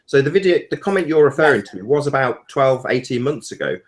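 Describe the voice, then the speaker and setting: A man on an online group call speaks bluntly and then admits his faults. His voice sits at a middle pitch. He sounds direct and plain-spoken. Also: animated, fast. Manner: blunt, then apologetic and self-critical. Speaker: guest video maker.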